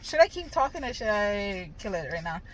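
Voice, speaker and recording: A woman's voice: mid-range voice, big pitch swings, normal speed, muffled recording, a little hiss or hum. A young woman from the Caribbean talking in a loose, rambling way, full of slang and swearing. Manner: loose, slangy, cursing freely. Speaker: vlogger. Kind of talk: casual rambling monologue.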